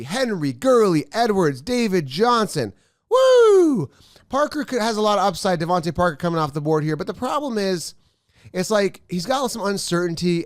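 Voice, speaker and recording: A man's voice: high voice, no echo, clean studio sound. A man in his thirties hosting a fantasy football podcast, talking through a mock draft in a giddy, rambling, hyped-up way. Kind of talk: excited solo commentary on a mock draft.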